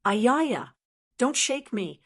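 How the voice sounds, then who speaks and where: A woman's voice: on the high side, animated, drawn-out words, a bit bright, husky, pitched above the performer's own voice, full character voice. A woman doing a squawking boastful blackbird. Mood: indignant. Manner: squawking, whiny and indignant. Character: boastful cowardly talking female blackbird. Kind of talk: audiobook character voice.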